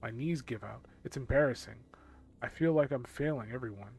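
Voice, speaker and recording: Gruff, tired town guard for a game, read by a man: gravelly and grumbling. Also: mid-range voice, brisk, darkish tone. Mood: weary. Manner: world-weary, grumbling.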